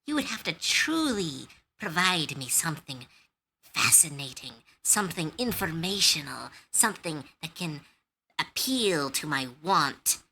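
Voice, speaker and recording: A woman voicing an ancient mad male wizard, speaking slowly and theatrically, as in a tabletop game. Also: deep voice, sing-song, sharp tone, slight background noise, full character voice. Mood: grandiose. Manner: slow, theatrical, lordly.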